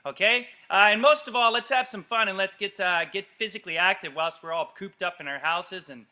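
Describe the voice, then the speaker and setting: A middle-aged gymnastics coach runs a live kids' exercise class from an empty, echoey gym. His voice sits high and brisk, energetic as he calls out commands with playful yells.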